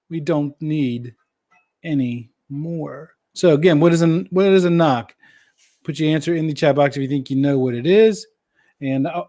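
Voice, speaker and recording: A man with a slightly higher-than-average voice hosts a casual live-stream Q&A and answers viewer questions. His delivery is folksy and jokey. He often repeats key phrases to drive them home. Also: a little mellow.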